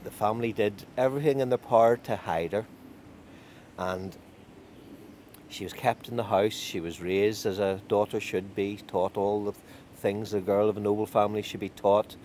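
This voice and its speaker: A man telling a folk tale in a lively, animated way. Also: fairly low pitch, moderate pace, a little hiss or hum. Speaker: storyteller.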